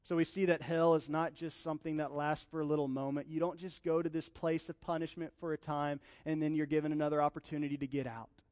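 A young man delivers a sermon in a high-pitched voice, preaching with passion and weaving in personal stories. His voice rings out with a long reverb, as if it were recorded in a church hall. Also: flat delivery, quick pace, few pauses, darkish tone. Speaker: pastor.

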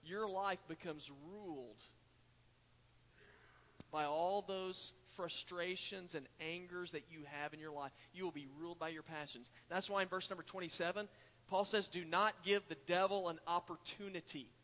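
A man's voice: high-pitched, fairly even intonation, normal speed, sharp tone. A man preaching a sermon, telling a folksy story and talking to the congregation as y'all. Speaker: pastor. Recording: church hall reverb.

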